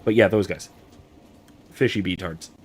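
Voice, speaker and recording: A man's voice: sits low, measured pace, a little hiss or hum. A man casually commenting while playing a fantasy game, reading viewer messages aloud and musing over skill choices. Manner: chatty, reads chat aloud, muses over skills. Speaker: game streamer.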